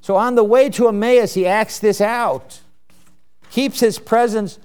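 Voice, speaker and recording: A man with a high, clear voice delivers a sermon slowly and deliberately. He reads scripture aloud, then explains each word carefully and asks his listeners rhetorical questions. His tone is smooth and measured throughout. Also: darkish tone. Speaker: preacher. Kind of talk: slow expository sermon.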